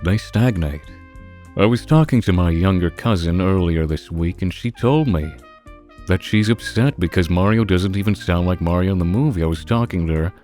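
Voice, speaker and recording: A man's voice: sits low, normal speed, dark tone, soft background music. A man delivering an impassioned, opinionated critique of a film, earnest and ranting. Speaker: video reviewer.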